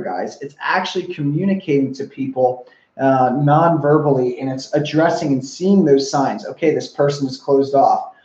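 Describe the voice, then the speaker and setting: A young man gives an earnest coaching talk, circling back over his points and asking the viewer questions. His voice sits a little high but sounds mellow. The room echoes, and the recording is slightly dull. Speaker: relationship coach. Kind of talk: whiteboard-style teaching talk.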